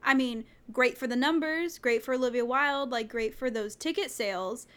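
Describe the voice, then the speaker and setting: A woman's voice: on the high side, moderate pace, fairly bright tone, clean tone. Chatty young woman co-hosting a podcast. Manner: chatty, emphatic, lots of fillers. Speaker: podcast co-host. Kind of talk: casual chat.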